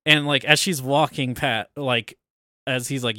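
A man chatting on a podcast, recapping a movie scene by scene with frequent laughs and casual cursing. His voice is bright and a bit tense, recorded dry and close with no room sound. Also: mid-range voice, normal speed, dry recording. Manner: retells scenes with laughs and swearing. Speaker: podcast co-host.

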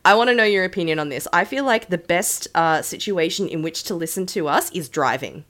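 A woman co-hosting a casual podcast, very loud and excitable, breaking into shrieking laughter and swearing freely. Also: on the low side, brisk. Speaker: podcast co-host. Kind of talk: casual chat.

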